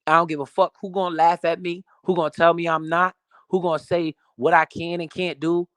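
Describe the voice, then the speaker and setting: Fired-up guy cussing thru a money pep talk, kinda high voice, dry close mic. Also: level tone, brisk, fairly bright tone, smooth, dry recording. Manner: profane, emphatic, preachy. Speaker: motivational finance streamer. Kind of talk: casual motivational rant.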